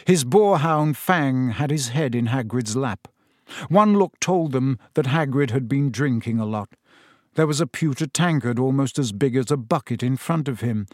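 An audiobook narrator, a man, reads a novel aloud in a measured, storytelling way. His voice sits in the mid-range, and the scripted narration is captured dry with clean studio sound.

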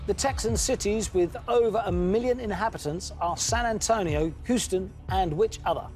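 Quiz host guy, quick and upbeat, music going underneath. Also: high voice. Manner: brisk, upbeat, teasing. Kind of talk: game show hosting.

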